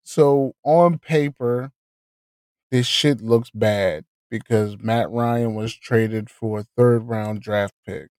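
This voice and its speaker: A man's voice: medium pitch, steady tone, takes it slowly, a little mellow, clear, resonant tone, dry recording, clean studio sound. A man hosting a casual podcast, talking sports in a loose, profane, joking way. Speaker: podcast host. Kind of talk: casual chat.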